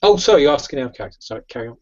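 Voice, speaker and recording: A man narrating a tabletop game as game master, with relaxed, rambling narration and many fillers, on a muffled, lo-fi recording. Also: medium pitch, rapid-fire.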